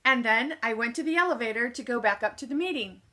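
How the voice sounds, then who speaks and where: Speaking fast, a spirited woman gives a motivational talk built around a personal story, her bright, forceful voice sitting slightly high. She performs other people's words and poses questions to the crowd that she then answers herself.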